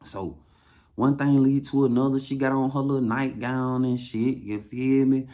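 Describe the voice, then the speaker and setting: A man's voice: medium pitch, little pitch movement, moderate pace, mellow. A man with an Atlanta Southern accent telling a first-hand story in a casual, slang-heavy way, repeating words for emphasis. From Atlanta, USA.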